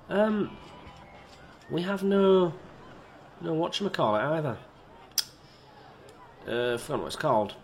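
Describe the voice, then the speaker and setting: Animated man narrating his gameplay. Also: on the high side, a little slow, pauses often, a little hiss or hum. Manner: rambling, self-mocking, talks to game characters. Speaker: video game let's-player. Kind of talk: casual gameplay commentary.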